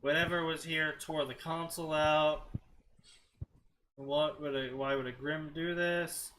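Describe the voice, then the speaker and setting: A man with a bright, fairly high voice reads fanfiction aloud in unhurried, casual stream commentary. He skims whole passages with mocking "blah, blah" asides, and a faint hiss of noise sits under the recording. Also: fairly even intonation, low-quality recording. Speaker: co-host reading fanfiction aloud.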